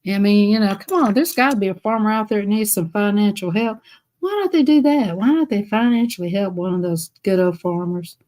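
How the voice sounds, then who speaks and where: A woman with a Southern US accent talks casually to her viewers. She rambles through a story and laughs often between phrases. Her pitch sits in the middle and she keeps an easy, talky flow. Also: animated, a little fast, a little mellow. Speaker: live streamer.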